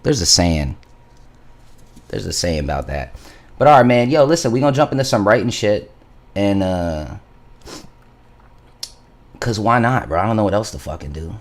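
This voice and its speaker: A man's voice: lowish voice, very animated, moderate pace, long pauses. A young man livestreaming from home, chatting loosely with his viewers, swearing freely and rambling through his talk. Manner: loose, profane, talks to chat. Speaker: livestreaming musician. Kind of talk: casual livestream chat. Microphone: studio mic through interface.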